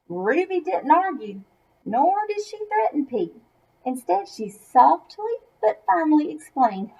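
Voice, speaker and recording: Lady reading a kids book aloud, high and swoopy, chatty little asides, muffled lo-fi sound. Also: sing-song, slow pace, warm tone. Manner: chatty asides to young listeners. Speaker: masked reader. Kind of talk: expressive children's story read-aloud.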